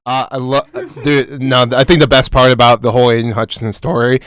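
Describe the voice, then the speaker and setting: A man's voice: medium pitch, flat delivery, fairly quick, a bit bright, no room sound. A man co-hosting a football podcast, talking casually with lots of swearing and laughter. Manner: profane, laughing, hyped. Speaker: podcast co-host. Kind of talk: casual sports chat.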